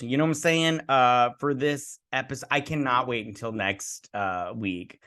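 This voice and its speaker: This is an excited man in his thirties reviewing a TV episode for his own channel. His voice sits at an ordinary middle pitch. He rambles and keeps restarting his sentences, with "like" all through them. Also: brisk, hardly any pauses. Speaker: TV show reviewer. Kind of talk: casual spoiler review.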